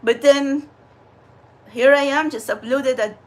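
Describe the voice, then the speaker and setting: A woman with a high, bright voice chats away in a casual vlog. She rambles with lots of fillers and restarts, and she laughs easily as she talks. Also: slow pace. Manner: chatty, animated, frequent laughs and fillers. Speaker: vlogger and spiritual channeler. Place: New York City area.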